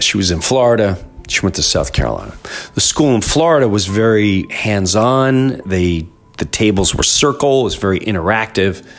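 A middle-aged man hosting a podcast, telling a story in an animated, rambling way and often repeating himself. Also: lowish voice. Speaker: podcast host. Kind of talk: casual storytelling monologue.

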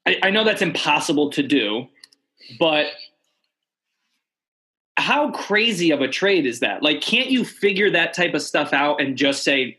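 A man's voice: on the high side, lively intonation, measured pace, pauses often, bright, forceful tone. A man hosting a podcast, asking questions in a casual, laid-back way. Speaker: podcast host. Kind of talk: casual chat.

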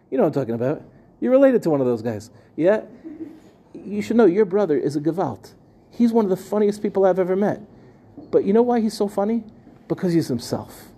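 A bright, high-voiced male rabbi teaches a lively spoken Torah class before a live audience in a room. He keeps it conversational, asking the room questions and repeating phrases.

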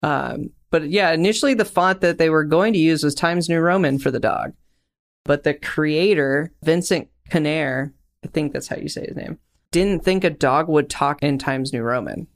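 A young adult podcast co-host talks casually and wanders into eager, rambling tangents. The voice has a strong gravelly fry and sits mid-pitch. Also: normal speed. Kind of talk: casual chat.

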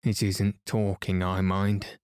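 Man doing a touchy old sand fairy, haughty and offended, bedtime storybook, slow, lowish voice. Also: level tone, a little mellow, smooth, no echo, clean studio sound. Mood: testy. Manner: cross, haughty, easily offended. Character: ancient grumpy male sand fairy, touchy.

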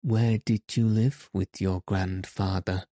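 A man reading as a kindly, gentle doctor. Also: deep voice, fairly even intonation, slow pace, no echo, clean studio sound. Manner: gentle and reassuring. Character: calm, kindly family doctor, middle-aged man.

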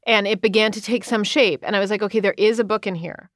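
A woman in her thirties, an author, talking candidly in an interview, earnest and quick with frequent restarts. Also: medium pitch, steady tone, dry recording, clean studio sound. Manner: earnest, rushed, many restarts and quoted self-talk.

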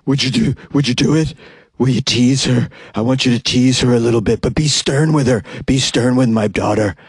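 A man putting on the husky, slow, creepily sweet voice of a woman making prank calls. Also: mid-range voice, dry recording, studio quality. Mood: creepy. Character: creepy prank caller, older woman persona.

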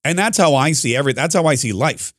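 A man's voice: on the high side, animated, a bit bright, dry recording, studio quality. A man hosting a talk radio show, giving an opinionated, combative monologue with frequent restarts. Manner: combative, restarts often, quick bursts.

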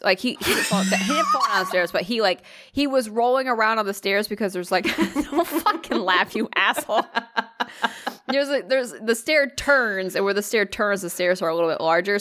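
A woman's voice: mid-range voice, fairly bright tone. A woman co-hosting a podcast, telling stories in a sweary, exasperated, casual way. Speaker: podcast co-host. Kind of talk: casual chat.

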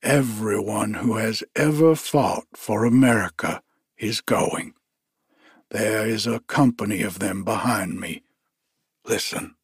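A man doing a hushed old soldier. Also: fairly low pitch, takes it slowly, breathy edge, dry recording, studio quality, heavily acted. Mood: earnest. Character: white-haired old male soldier, courtly and earnest.

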